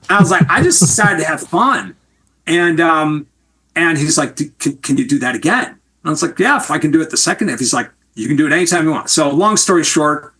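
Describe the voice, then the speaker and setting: A middle-aged man from Wisconsin, a TV producer telling stories in an interview in an animated, candid way and swearing freely. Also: fairly high pitch, slightly rough. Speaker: TV producer and guest. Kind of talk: storytelling interview answer.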